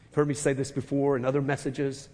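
A man preaching a sermon as a pastor, retelling scripture with emphatic repetition and dropping to soft, intense moments. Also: medium pitch, completely flat delivery, fast talker. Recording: long reverb of a large hall.

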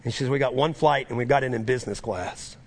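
A middle-aged man preaching a sermon, telling a travel story with quoted voices and building to fervent, lively preaching. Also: medium pitch, fast talker, creaky, husky. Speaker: pastor.

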